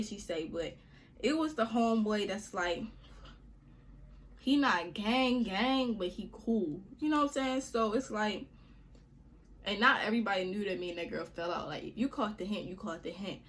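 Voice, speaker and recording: A woman's voice: medium pitch, fairly bright tone, a little hiss or hum. A young woman vlogger telling a story to her viewers in a chatty, slangy way, often calling them y'all.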